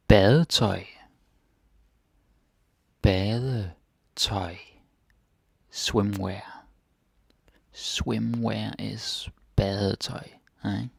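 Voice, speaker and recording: Male teacher, very low and gravelly, dry close sound; drills words one at a time. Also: fairly even intonation, no room sound. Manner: slow, repeats each word, tags phrases with "eh?" and "ikke?". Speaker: Danish language teacher. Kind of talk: language lesson, repeating words with translations.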